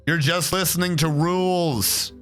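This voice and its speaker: A man's voice: fairly high pitch, a little slow, fairly bright tone, soft background music. A man casually commenting on his game as he plays, reading its text aloud with sarcastic, swearing asides. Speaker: streamer playing a strategy game. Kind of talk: casual let's play commentary.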